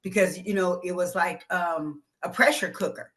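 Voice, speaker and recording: A woman speaking as a guest in a casual panel talk, reflective and halting, often saying "you know". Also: fairly low pitch, fairly bright tone. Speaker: author and filmmaker guest.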